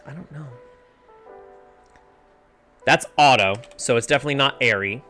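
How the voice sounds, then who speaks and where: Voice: mid-range voice, lively intonation, moderate pace, pauses often, pushed and bright, soft background music. A livestreamer thinking aloud while working through word clues in a puzzle game, often trailing off unsure. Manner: muses over word clues, trails off with "I don't know".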